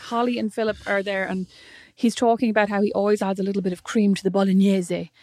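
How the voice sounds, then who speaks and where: A woman's voice: mid-range voice, flat delivery, darkish tone, no room sound. A young pregnant woman, teasing and telling stories in casual podcast chat. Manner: teasing, storytelling with quick quoted voices.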